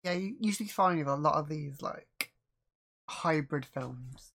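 A man's voice: on the high side, measured pace, gravelly, a bit bright. A man co-hosting a podcast, mostly answering with short agreement in casual chat. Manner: brief agreeing replies. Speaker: podcast co-host.

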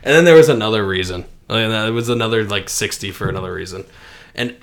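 A man's voice: on the low side, quick pace. A young man telling a story with lots of laughs on a casual podcast. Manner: animated, laughs often, lots of "like" and "dude". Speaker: podcast co-host.

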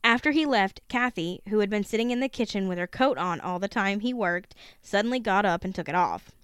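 A woman's voice: medium pitch, lively intonation, fairly quick, clean tone, dry recording, studio quality. A woman podcast host reading a book aloud, with the occasional laughing aside.

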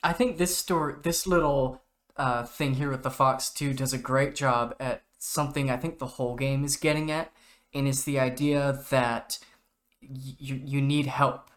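A man's voice: medium pitch, fairly even intonation, normal speed, fairly bright tone. A young man co-hosting a podcast, talking casually and reflectively with hesitant restarts. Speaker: podcast co-host. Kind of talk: casual chat.

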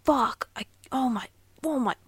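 Comic impression: woman playing a petulant adult man, pitched up, cursing and whining. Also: a little slow, fairly bright tone, breathy edge, no room sound, studio quality, full character voice. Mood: whiny. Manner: high-pitched, swearing, whining. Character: whiny grown man throwing a tantrum over a cramp.

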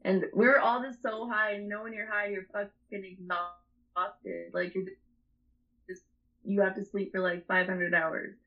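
A young woman tells a rambling story in a casual chat, swearing freely and laughing as she goes. Her voice sits at an ordinary middle pitch. The recording sounds slightly muffled. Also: flat delivery, unhurried. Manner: rambling, profane, laughs often.

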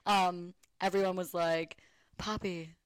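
A woman in her thirties hosting a podcast, bantering quickly and laughing often. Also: medium pitch, no room sound. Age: 30s. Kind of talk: casual chat.

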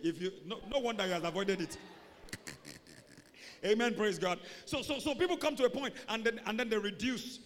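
A man preaching a sermon as pastor, animated, swinging from booming shouts to low mocking asides. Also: moderate pace, a little hiss or hum. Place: church hall. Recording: reverberant church hall.

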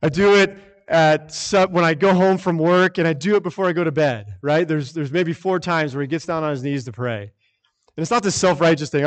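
A man's voice: fairly high pitch, moderate pace. A man preaching a sermon as pastor, earnest and repetitive, often restarting his phrases.

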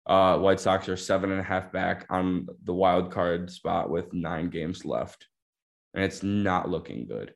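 Deep-voiced young man hosting sports talk. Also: steady tone, measured pace, creaky. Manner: laid-back, hesitant, asks questions. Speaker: podcast host. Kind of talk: casual sports chat.

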